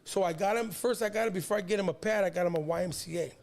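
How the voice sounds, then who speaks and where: A man in his fifties with a high, gravelly voice tells a personal story as a guest. He rambles, restarts and repeats words, leaning on street slang. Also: racing, darkish tone. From San Diego, California. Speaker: interview guest, rapper. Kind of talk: casual storytelling.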